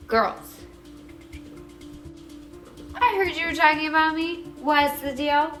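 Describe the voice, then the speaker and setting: A woman's voice: on the low side, fairly quick, roomy sound, soft background music, close to an everyday voice. Woman playing curt young female player, confrontational.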